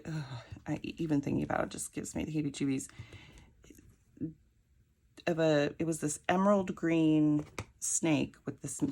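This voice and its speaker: A woman's voice: sits low, vocal fry, darkish tone. A woman crafting and telling a rambling, chatty story, laughing often. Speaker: crafting vlogger. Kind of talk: casual storytelling while crafting.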